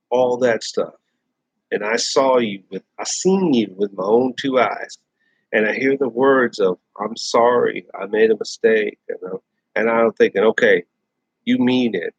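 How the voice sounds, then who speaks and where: A man's voice: mid-range voice, slightly rough, no room sound. A man ranting bluntly in casual chat, repeating himself and restarting phrases as he talks. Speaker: host. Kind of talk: casual rant to camera. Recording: dull lo-fi dry sound.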